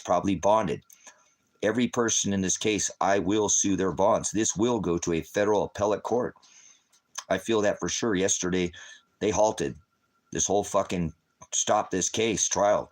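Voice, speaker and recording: A middle-aged man ranting angrily on a livestream as a father, cursing heavily and swinging from shouting to quiet. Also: deep voice. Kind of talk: angry livestream rant.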